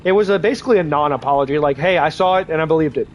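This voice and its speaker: Congested twenties male streamer, frank and rambling, a touch high-pitched, faint game noise under him. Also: rapid-fire. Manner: rambling, frank, many restarts and fillers. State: congested from draining sinuses. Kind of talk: casual livestream chat while gaming. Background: faint game vehicle noise.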